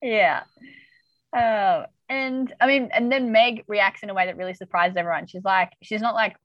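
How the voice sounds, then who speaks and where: A woman's voice: medium pitch, brisk, no echo, highs cut off. A woman hosting a podcast, recapping a TV episode in casual chat and acting out the characters' lines. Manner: chatty, animated retelling with voiced quotes. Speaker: podcast host.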